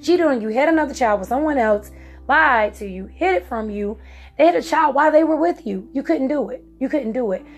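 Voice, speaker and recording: A woman from Virginia talks through a painful chapter of her life in a fairly high voice, leaning hard on her words. She acts out what was said with strong feeling. Soft music plays faintly beneath her. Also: lively intonation, a little fast. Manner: emotional, emphatic storytelling with voiced quotes. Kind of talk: personal testimony talk.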